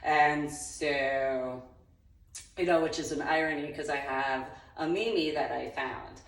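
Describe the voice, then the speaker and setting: A woman's voice: low-pitched, takes it slowly. A middle-aged woman hosting her own channel in a rambling personal monologue, sardonic and breaking into frequent laughter. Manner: sardonic, laughs often between remarks. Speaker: YouTube channel host. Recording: roomy echo, distant mic.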